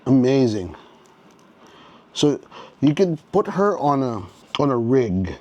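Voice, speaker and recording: Unhurried man chatting through a toy unboxing. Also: mid-range voice, sing-song, darkish tone, muffled recording. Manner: unhurried, thinking aloud with frequent restarts and "okay?" checks; enthusiastic about the toy. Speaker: toy reviewer. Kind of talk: casual unboxing commentary.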